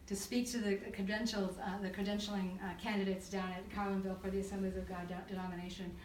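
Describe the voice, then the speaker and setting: A woman counselor talking to a church group, telling stories in an animated way, acting out voices and laughing often. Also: medium pitch, quick pace, slight background noise. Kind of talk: church talk to a live group. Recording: echoey room recorded from far off.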